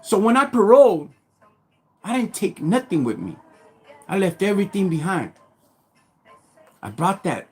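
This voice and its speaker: A man's voice: sits high, breathy edge. A man telling a story from his past on a live stream, heavy on street slang and getting fired up as he goes. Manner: street slang, gets fired up and loud when retelling. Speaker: livestream host.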